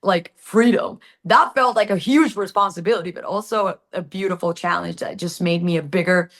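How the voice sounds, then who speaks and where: An actress appearing as an interview guest, a native Spanish speaker with a Latin American accent, tells stories animatedly and acts out quotes in casual answers. Her voice is lowish and a little fast.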